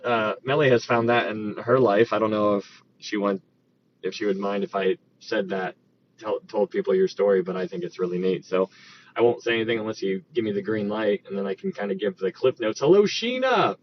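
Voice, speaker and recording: Upbeat man hosting a live stream. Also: fairly low pitch. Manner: upbeat, greets viewers by name. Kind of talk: casual live-stream chat. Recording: dull lo-fi stream audio with faint noise.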